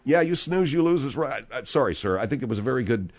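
A man in his sixties hosts a radio show. He talks in loose, rambling stretches with a sardonic, joking edge. His pitch swings widely, rising high when he argues and dropping low when he muses. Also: expressive, fast talker. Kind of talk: casual radio banter.

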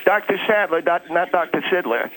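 A man's voice: sits high, brisk, a bit bright, low-quality recording. Man doing a prickly doctor on the line. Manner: prickly, defensive. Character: touchy middle-aged male doctor guest.

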